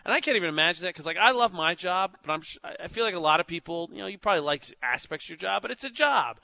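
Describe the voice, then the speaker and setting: Man, radio host, joking storyteller, bright tone, dry studio sound. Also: high-pitched, lively intonation, rapid-fire, creaky, dry recording. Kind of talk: morning radio banter. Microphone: studio mic.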